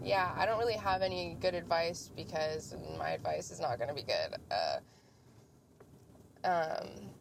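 A woman's voice: fairly low pitch, expressive, a little slow. A young woman hosting a casual podcast while driving, rambling and swearing freely as she vents. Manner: profane, venting, rambling. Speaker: podcast host. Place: inside a car in the rain. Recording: noisy car interior.

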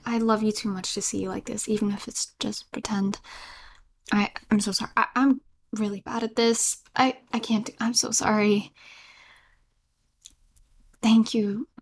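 A woman voicing a clingy, obsessive yandere girlfriend in a whispered role-play, soft and stammering, with frequent giggles. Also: on the high side. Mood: hesitant, affectionate.

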